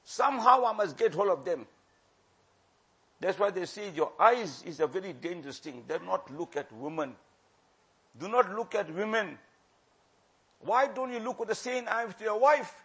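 Husky, impassioned male preacher. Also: high voice, lively intonation, normal speed. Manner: impassioned, repeats phrases for emphasis, swings from loud to hushed. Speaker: religious preacher. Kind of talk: sermon.

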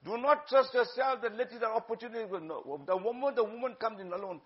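A preacher with a voice high for a man speaks fast, delivering a sermon that urges and exhorts his listeners, with Urdu phrases slipping in. The audio is dull and lo-fi.

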